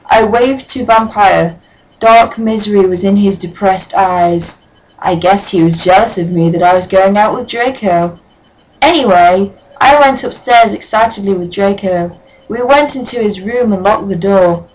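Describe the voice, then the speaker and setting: A woman's voice: mid-range voice, a little slow, darkish tone, low-quality recording. A woman giving a comic reading of a fan story, breaking in with dry, sardonic asides. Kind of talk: comic dramatic reading with commentary.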